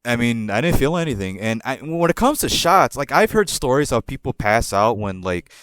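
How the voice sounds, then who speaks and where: A man's voice: mid-range voice, sing-song, normal speed, a bit bright, clean tone, no echo. A man in his twenties hosting a podcast, telling a personal story casually, rambling with repeated words and laughing at himself. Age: 20s. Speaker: podcast host.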